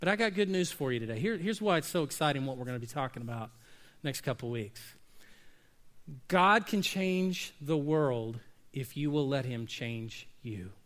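A man preaching a sermon, animated and conversational, slipping into quick acted asides and questions to the congregation. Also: a little high. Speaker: pastor.

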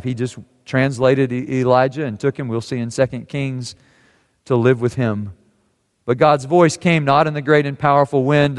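A man preaching a sermon, telling a scripture story and quoting its voices softly. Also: medium pitch, in a large hall.

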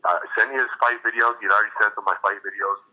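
Fast-talking, profane ex-hockey enforcer. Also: male voice, on the low side, lo-fi sound. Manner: profane, animated anecdotes with acted quotes. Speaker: podcast guest, retired hockey enforcer. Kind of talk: casual storytelling interview.

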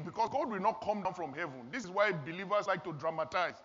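A man's voice: high voice, expressive, brisk, hardly any pauses, fairly bright tone, husky. Man preaching in a reverberant hall. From Nigeria. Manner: earnest, storytelling, exhorting. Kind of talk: sermon. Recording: long hall reverb, dull lo-fi sound.

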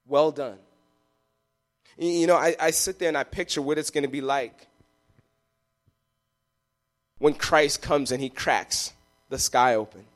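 A man's voice: a little high, steady tone, normal speed, a bit bright. A man preaching a live sermon in a church, passionate and emphatic, telling vivid stories to his congregation. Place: church sanctuary.

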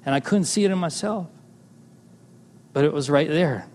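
A man preaching a personal testimony with a slightly raised pitch. He swings from loud, exclaiming lines to quiet, hushed ones. His voice rings out with long reverb, as in a large hall. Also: normal speed, slight background noise. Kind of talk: sermon testimony storytelling.

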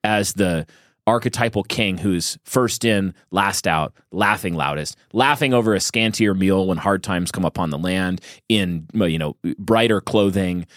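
A man's voice: sits low, unhurried, no room sound, studio quality. A man co-hosting a podcast, talking with enthusiasm and musing aloud, often restarting his sentences. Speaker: podcast co-host. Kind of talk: casual discussion.

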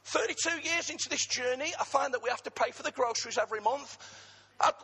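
A middle-aged man from England preaching a sermon, husky in tone, with humorous asides to the congregation. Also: extremely high pitch, fast, pushed and bright, long reverb tail. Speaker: pastor.

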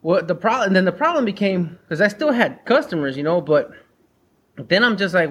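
Blunt, slangy man with a higher voice. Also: lively intonation, moderate pace, fairly bright tone, slightly rough. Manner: blunt, slangy, acts out conversations. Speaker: mobile mechanic and former shop owner. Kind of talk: casual podcast chat.

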